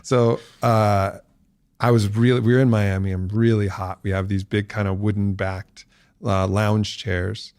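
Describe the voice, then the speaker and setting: A man's voice: lowish voice, little pitch movement, unhurried, darkish tone, clean tone, no room sound, clean studio sound. A man on a podcast as guest, telling stories casually and reflectively, often breaking into laughter. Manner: reflective, uses many fillers. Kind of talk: casual storytelling.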